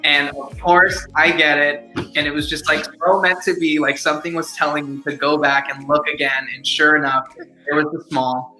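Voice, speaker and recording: In a fairly high, sharp-toned voice with little pitch movement, a young man speaks at a moderate pace. He's an actor appearing as an interview guest, casually wandering through an upbeat story full of "like" and other fillers. There's echo and faint music behind him.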